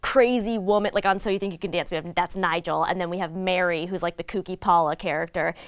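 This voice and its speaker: A woman's voice: fairly low pitch, fairly even intonation, fast, no room sound. Chatty, opinionated woman in a dry room. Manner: chatty and opinionated, with frequent fillers. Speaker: guest commentator on reality TV. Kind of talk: casual chat.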